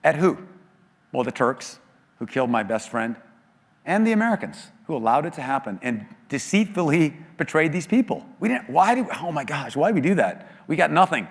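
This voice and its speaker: A man giving an earnest sermon testimony in a church, telling a story that often drops low and quiet with grief. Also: very animated, a little fast. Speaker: guest speaker at a church. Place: church sanctuary. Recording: long hall reverb.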